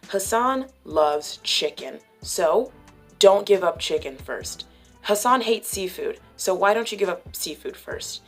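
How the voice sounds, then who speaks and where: Woman, lowish voice, casual chatty commentary, faint music behind. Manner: chatty, laughs often, emotional. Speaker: YouTuber reacting to a stream.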